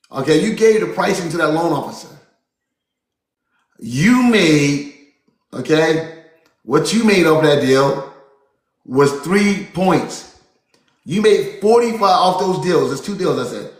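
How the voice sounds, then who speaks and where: A man coaching a seminar audience with a fairly high voice, talking with energy and repeating his points. He calls his listeners folks. The sound carries a roomy echo. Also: animated, unhurried, pauses often. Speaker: real estate business coach. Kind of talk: motivational seminar talk.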